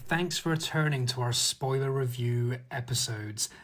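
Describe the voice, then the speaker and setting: A man's voice: medium pitch, moderate pace, a bit bright, slight background noise. Jokey man hosting a podcast. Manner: jokey, laughing, plays with silly accents. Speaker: podcast host. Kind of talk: casual podcast chat.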